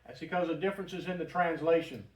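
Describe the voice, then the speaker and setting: A man's voice: on the high side, fairly even intonation, fast talker. A man teaching a Bible study in a church room, talking conversationally and putting questions to the group. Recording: roomy, from a distant mic.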